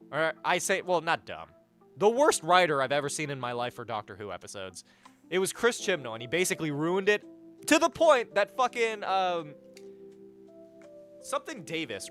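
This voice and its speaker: A young man chats on a live stream and reads out viewer messages, swearing freely and wandering from topic to topic. His voice is bright and a little sharp, and his pitch swings up and down a lot. Faint music plays underneath. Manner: animated, profane, rambling. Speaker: livestreamer.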